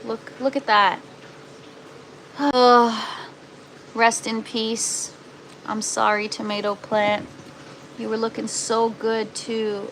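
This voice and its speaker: A woman's voice: a little high, slow, long pauses, low-quality recording. A woman chatting casually to viewers on a live stream from her indoor grow tent, groaning and exasperated. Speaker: gardening livestreamer. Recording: noticeable steady background noise.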